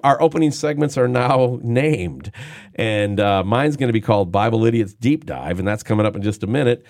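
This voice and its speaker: A man's voice: fairly low pitch, expressive, moderate pace, a little mellow, no room sound. A middle-aged man co-hosting a casual Christian talk show, jokey and rambling, teasing himself as he talks into a studio mic. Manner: jokey, rambling, self-deprecating. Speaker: podcast co-host. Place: podcast studio. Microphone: studio microphone.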